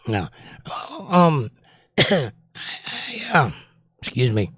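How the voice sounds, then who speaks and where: A man's voice: fairly high pitch, huge pitch swings, very slow, long pauses, fairly bright tone, slightly rough, no echo, clean studio sound. A man hosting a casual livestream, joking and greeting viewers with upbeat energy as he reads their chat comments. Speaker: livestream show host.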